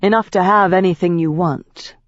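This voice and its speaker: A woman's voice: lowish voice, normal speed, no room sound, highs cut off, close to an everyday voice. A woman voicing a polished young male elf businessman, clipped and insistent, in an audiobook. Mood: persuasive. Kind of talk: audiobook character voice.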